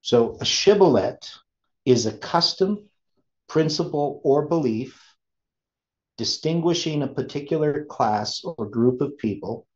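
A man giving an informal study lesson, thinking aloud with many pauses and restarts. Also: fairly high pitch, lively intonation, darkish tone. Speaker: teacher. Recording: dull lo-fi sound.

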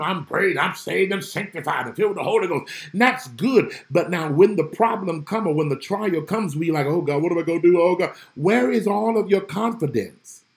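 Male preacher, fairly high, very animated delivery, emphatic repetition, greets viewers by name mid-sermon. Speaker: pastor. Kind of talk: livestream Bible study sermon.

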